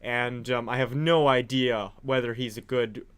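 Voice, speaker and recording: A man's voice: mid-range voice, steady tone, measured pace, clear, resonant tone. A young man co-hosting a casual political chat, talking in a chatty, hedging way and laughing often. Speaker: co-host.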